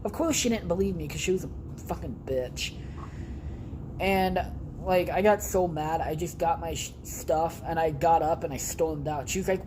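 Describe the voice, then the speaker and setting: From his basement at home, a young podcaster delivers a casual storytelling monologue, rambling and swearing heavily and bluntly. His pitch is fairly high, his speed normal, and the background noisy.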